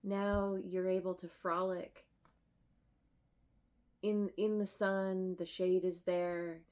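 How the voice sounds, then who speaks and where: Slow, emotional woman tarot reader. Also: lowish voice, little pitch movement, darkish tone. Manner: emotional, effusive, halting with restarts and laughs. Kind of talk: tarot reading to camera.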